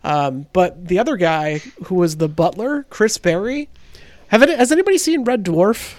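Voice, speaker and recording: A man's voice: sits high, lively intonation, normal speed. A man co-hosting a casual movie podcast, rambling through cast trivia with a lot of profanity. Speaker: podcast co-host. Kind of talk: casual movie-review chat.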